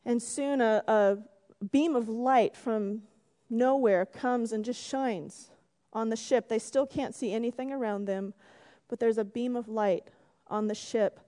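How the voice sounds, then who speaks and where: A woman preaching a gentle sermon to her congregation, telling a story and closing in prayer, sometimes dropping to a whisper. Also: a little high, unhurried. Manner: gentle, drops to a whisper for emphasis. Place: church sanctuary. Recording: long reverb in a church hall.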